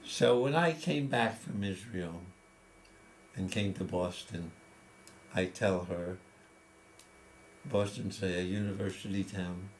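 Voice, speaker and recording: A man in his eighties is interviewed and tells personal stories casually, in a reflective, conversational way with frequent restarts. His voice sits low and he takes it slowly, with long pauses. There's a little hiss or hum.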